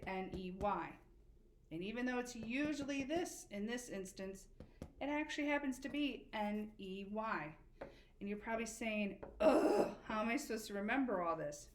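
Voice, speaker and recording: A woman teacher giving a spelling lesson to children, patient and encouraging, slowly spelling letters out. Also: medium pitch. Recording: echoey room with faint background noise.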